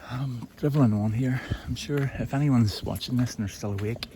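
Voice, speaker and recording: A Northern Irish man with a Derry accent vlogs on a rural hill walk, filming himself with a phone on a selfie stick while rambling in a self-deprecating way. His voice is medium in pitch at a normal speed. The phone mic is clear, with birds and other outdoor noise plainly audible.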